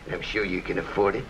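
A sneering gangster boss. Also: male voice, deep voice, vocal fry, noisy background. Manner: sneering, gloating, hard-boiled. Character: scheming gangster boss Flat Top, grown man. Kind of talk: 1940s radio acting. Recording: dull old radio recording.

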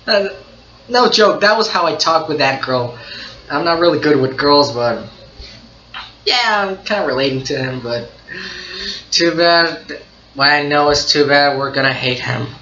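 Excitable laughing guy in an echoey room. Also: a little high, measured pace, slight background noise. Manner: excitable, laughs often, repeats himself. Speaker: anime reaction channel host. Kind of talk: casual reaction commentary. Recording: dull, echoey room recording.

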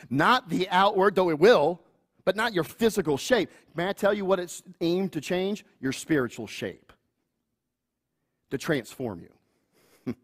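Middle-aged pastor guy preaching, kinda high voice, earnest, jokes around and does family voices. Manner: earnest, animated preaching with asides and chuckles; acts out quoted family voices in higher pitch. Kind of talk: sermon.

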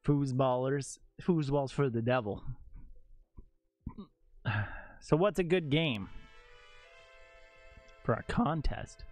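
A man's voice: mid-range voice, lively intonation, takes it slowly, pauses often, no echo, soft background music. A young man streaming a game, joking crudely and reading chat aloud. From Canada. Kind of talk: casual gaming stream chat.

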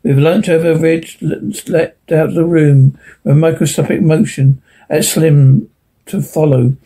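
Brief: a male storyteller reading aloud, catching and correcting his slips, slightly high voice, husky and soft. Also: steady tone, a little slow, rough recording. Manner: frequent slips and self-corrections. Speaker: narrator.

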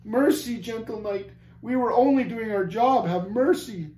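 Storybook cowards: a man playing squealing, pleading giants, very high, in a roomy hall. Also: a little slow, warm tone. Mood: begging. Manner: whimpering, begging. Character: cowardly whimpering giant soldiers. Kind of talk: storybook reading aloud.

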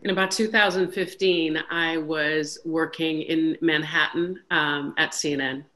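A woman's voice: low-pitched, steady tone, a little slow, a bit bright, soft background music. A middle-aged woman from Canada giving a personal faith testimony, earnest and storytelling, with a few fillers. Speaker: reflection speaker.

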